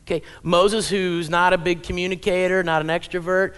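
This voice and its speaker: A man's voice: sits high, fairly even intonation, moderate pace, a bit bright, clean tone. A male pastor giving a conversational, humorous sermon in a church, often checking in with the congregation. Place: church sanctuary.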